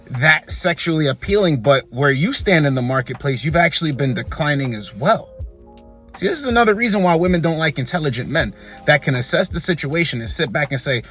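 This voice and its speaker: A man's voice: a little high, a bit bright, husky. A man hosting a dating commentary video, delivering an emphatic, lecturing monologue that repeats its points. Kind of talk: opinionated monologue.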